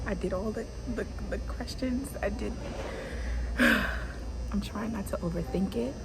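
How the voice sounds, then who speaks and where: A woman's voice: mid-range voice, takes it slowly, creaky, heavy background noise. A woman vlogging casually to the camera about her training, chatty and venting, saying y'all. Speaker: vlogger in flight attendant training. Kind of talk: casual vlog talk to camera.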